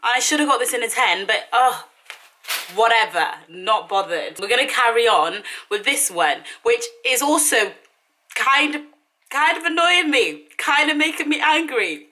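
A woman's voice: fairly high pitch, expressive, unhurried, pushed and bright. A young woman in her twenties, chatting casually in a dramatic, self-mocking, exasperated way while trying on clothes at home. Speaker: vlogger. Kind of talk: casual try-on haul chat. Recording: echoey room, mic at a distance.

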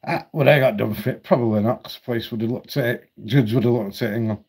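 A man's voice: mid-range voice, quick pace, darkish tone, breathy edge. A man ranting at home on his channel, blunt, heated and full of swearing. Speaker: vlogger. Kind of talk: ranting commentary.

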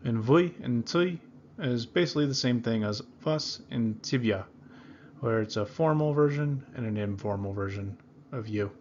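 A man teaching a beginner language lesson, saying each phrase slowly and repeating it for learners. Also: medium pitch, darkish tone, lo-fi sound, slight background noise. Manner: slow, repeats words carefully for learners.

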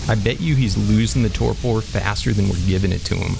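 A man casually commenting on his own gameplay as a channel host, excitable and chatty, talking himself through each move. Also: fairly low pitch, brisk, vocal fry, over music. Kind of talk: let's-play commentary.

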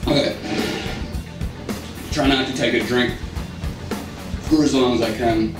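Man, laid-back crude vlog talk, slow, distant mic in an echoey room, guitar music behind. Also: mid-range voice, steady tone. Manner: slow, casual, crude, talks with food in mouth. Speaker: food review vlogger. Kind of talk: casual spicy food challenge vlog. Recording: roomy audio from far mic with guitar music.

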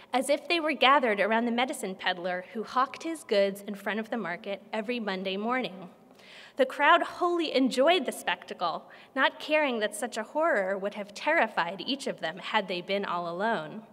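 A woman translator reads a novel aloud to an audience. Her reading is measured and expressive. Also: fairly high pitch. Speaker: literary translator. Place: conference room. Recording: long hall reverb.

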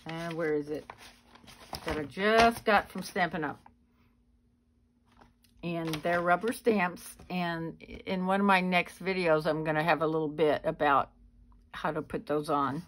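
A woman hosting a craft channel, giving a chatty, unhurried show-and-tell of her handmade cards. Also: low-pitched, fairly even intonation, a little hiss or hum. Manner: chatty, unhurried walk-through. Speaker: card-making channel host.

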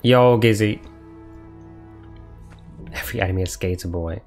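Bantering sarcastically with his chat, this live game streamer commentates at normal speed in a lowish, darkish voice. Soft music plays in the background.

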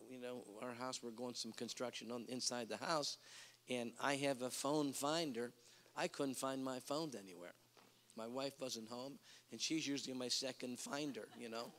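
Preaching man in a reverberant hall. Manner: animated storytelling, jumping to squeaky quoted voices. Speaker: evangelist. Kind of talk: revival sermon. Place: large church hall.

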